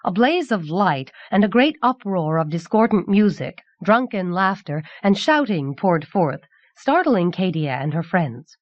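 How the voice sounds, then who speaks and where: A woman reads a fantasy novel aloud in a steady, measured way. The sound is dry and dull, like an old cassette audiobook. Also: fairly low pitch, no room sound. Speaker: audiobook narrator. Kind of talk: scripted fantasy narration.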